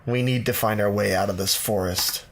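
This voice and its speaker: A man voicing a solemn young man leading a quest, speaking in a hushed, grave way in a comedic story. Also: on the low side, fairly even intonation, moderate pace.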